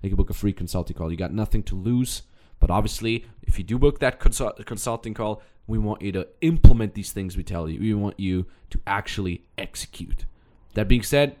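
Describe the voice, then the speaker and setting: A man's voice: on the low side, a little fast, few pauses. Blunt, pushy male podcast coach. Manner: pushy, blunt and energetic, repeating key phrases. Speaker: podcast host and online business coach. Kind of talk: motivational podcast monologue.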